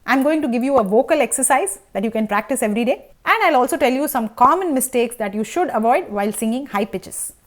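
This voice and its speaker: A woman's voice: a little high, animated, fast talker, hardly any pauses. A woman with an Indian English accent teaching a singing lesson, explaining technique and checking in with the listener. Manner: instructive, checks in with listeners often. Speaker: vocal teacher.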